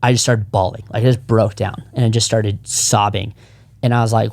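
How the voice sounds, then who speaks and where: A man's voice: on the low side, fairly even intonation, a little fast, a little mellow, dry recording. A man in his thirties, a podcast co-founder, telling his personal story in casual chat, earnest and rambling with frequent restarts.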